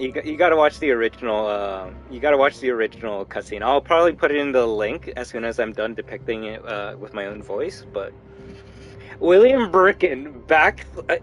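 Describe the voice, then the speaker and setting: A young man streaming a game, telling a story in an animated, profane way. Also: a little high, highs cut off. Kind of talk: casual gaming commentary.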